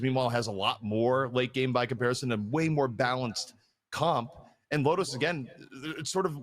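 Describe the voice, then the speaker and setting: A man's voice: mid-range voice, a bit bright. Man giving esports draft analysis. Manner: analytical, thinking aloud with restarts. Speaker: esports caster.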